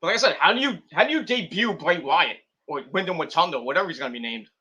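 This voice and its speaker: A young man hosting a wrestling stream, rambling in casual commentary and acting out scenes with quick put-on voices. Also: on the high side, expressive, pushed and bright, muffled recording.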